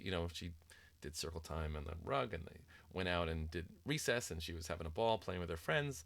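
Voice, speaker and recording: A man's voice: sits low, a little fast, creaky, fairly bright tone, no room sound. A middle-aged man, a parent and author, talking casually and at length about raising children, with frequent ums and restarts. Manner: rambling, many ums and restarts, mimics sing-song voices in quotes. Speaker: author discussing his book on parenting. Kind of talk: casual reflective talk.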